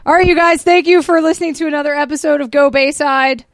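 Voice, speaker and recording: A woman's voice: sits high, steady tone, fast talker, dry recording. A woman hosting a comedy podcast, chatting casually, laughing often and acting out quotes. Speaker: podcast host.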